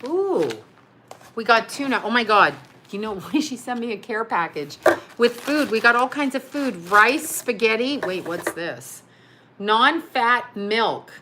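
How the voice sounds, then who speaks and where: A woman's voice: fairly high pitch, measured pace, noisy background. A middle-aged woman vlogging at home, unboxing a care package with lots of laughing and exclamations. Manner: excitable, laughs often, exclaims "oh my God".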